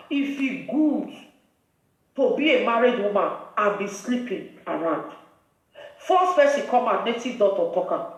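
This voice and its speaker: Scolding Nigerian woman in an echoey room. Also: mid-range voice. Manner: preachy, reproachful, emphatic. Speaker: live video host. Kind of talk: scolding live-video commentary. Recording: very echoey room, voice far from mic.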